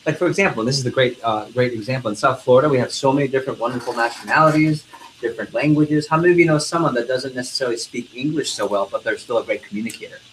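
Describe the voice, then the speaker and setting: A man's voice: medium pitch, very fast, fairly bright tone, slight background noise, rough recording. A man leading a live sales training session, energetically quizzing the trainees in the room.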